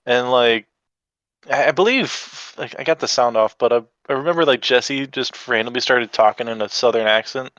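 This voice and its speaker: A man's voice: medium pitch, normal speed, fairly bright tone, no room sound, lo-fi sound. A man guesting on a podcast, recapping an episode in a laid-back, rambling way. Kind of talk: casual chat.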